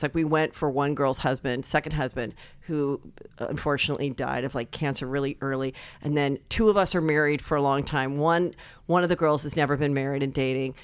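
A middle-aged woman, a comedian, telling animated stories full of fillers and swearing, acting out other people's voices. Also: low-pitched, clear, resonant tone, dry recording. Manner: many filler likes. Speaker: guest comedian. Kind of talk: casual storytelling chat.

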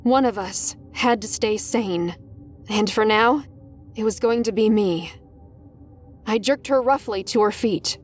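Slow, tense woman storyteller. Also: mid-range voice, soft background music. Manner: tense, dramatic, rising in panic. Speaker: narrator. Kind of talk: first-person story narration.

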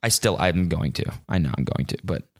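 A young man hosting his own podcast, ranting casually with lots of swearing and indignant outbursts. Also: a little fast. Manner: animated, swearing, voice jumping high when indignant. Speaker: podcast host. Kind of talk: casual solo podcast rant.

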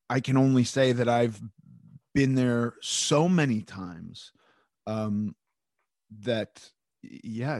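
A man's voice: lowish voice, a little mellow, dry recording. Candid, swearing man on a podcast. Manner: candid, swears casually, frequent restarts. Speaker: podcast host. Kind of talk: casual podcast chat.

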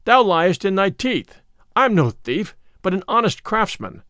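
A man's voice: sits high, very animated, a little slow, pushed and bright, dry recording, heavily acted. Man putting on a stubborn fiery tanner, scornful, voice leaps around, dry. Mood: defiant. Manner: defiant, scornful, old-fashioned speech. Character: stubborn fearless craftsman, hot-tempered man.

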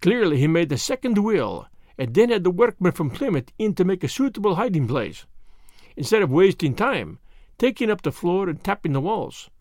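A man voicing a fussy, excitable middle-aged Belgian detective in an audiobook. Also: high-pitched, dry recording, clean studio sound, full character voice. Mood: brisk. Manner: theatrical, exclamatory, fastidious. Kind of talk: audiobook character voice.

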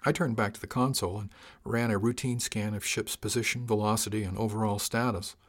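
A man reading first-person narration in an audiobook, with a measured, wry delivery. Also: lowish voice, fairly even intonation.

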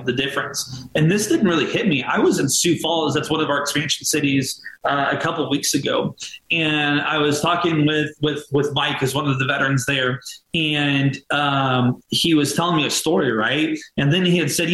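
Earnest American veteran in a roomy room. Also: male voice, a little high, normal speed, fairly bright tone. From United States. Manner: heartfelt, rambling, many "like" fillers and restarts. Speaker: veteran and nonprofit co-founder, guest. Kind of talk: casual earnest interview talk.

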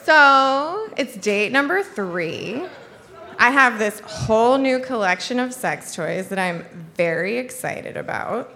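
A woman's voice: fairly high pitch, animated, slow pace, a crowd in the background, noisy background. A young woman telling a comic personal story to an audience, chatty and full of "like", laughing as she goes. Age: young adult.

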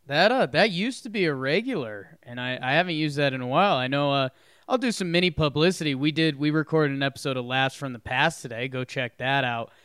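A playful podcast co-host who rambles through a story. His voice sits a touch high and comes through smooth and resonant. The sound is close and dry. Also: fairly quick, a bit bright, dry recording. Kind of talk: casual chat.

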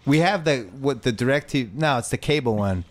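A man hosts a podcast in a relaxed way. He asks easy questions, chats loosely with his guests, and talks at a steady middle pitch. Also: brisk. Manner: relaxed, asks questions, reads sponsor spots. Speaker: podcast host. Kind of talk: casual chat.

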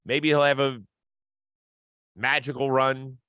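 A man's voice: medium pitch, little pitch movement, takes it slowly, sharp tone, smooth, no echo. A man hosting a sports podcast, talking casually and upbeat, often laughing as he chats. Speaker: podcast host.

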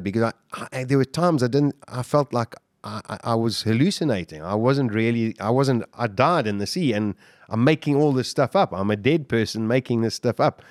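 A man telling his survival story as a podcast guest, intense and halting, with many restarts. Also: lowish voice, dry recording, studio quality. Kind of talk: emotional storytelling interview.

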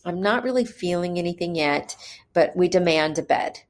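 Low-voiced woman telling a personal story. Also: animated. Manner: hesitant, with frequent pauses and fillers; earnest and candid. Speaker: mother telling her birth story.

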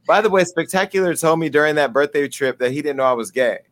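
A man hosting a casual call-in talk show, chatty and gossipy, with quick asides. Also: a little high, fairly bright tone.

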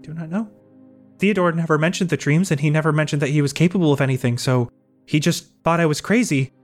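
An anxious young woman haunted by her nightmares, voiced by a man, stumbles over her words in earnest bursts. The voice sits fairly high, and soft music plays faintly underneath. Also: close to an everyday voice. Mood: urgent. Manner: halting, stammering, earnest.

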